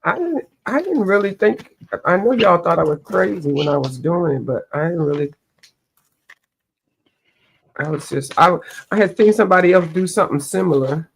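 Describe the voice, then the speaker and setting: A woman's voice: on the low side, lively intonation, moderate pace, gravelly, slight background noise. A woman hosting a livestream, chatting casually while she colors, rambling and searching for names, a bit stuffy from allergies. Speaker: livestream host.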